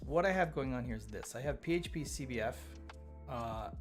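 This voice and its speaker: In a brisk, expressive, mid-range voice, a man hosts a live coding stream, casually chatting and thinking out loud. Stammers and repeated words come often, and faint chill music plays underneath.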